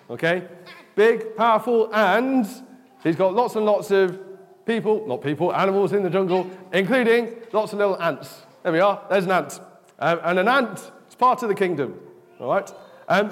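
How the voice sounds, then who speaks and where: A man giving an interactive children's talk in church, chatty and often asking "okay?". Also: sits high. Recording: long echo of a large hall.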